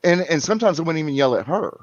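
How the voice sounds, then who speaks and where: A man's voice: on the high side, lively intonation, fast, no echo. Rambling man on a muffled line. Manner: rambling, restarts and repeats while telling a story. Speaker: caller. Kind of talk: casual chat. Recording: muffled lo-fi sound.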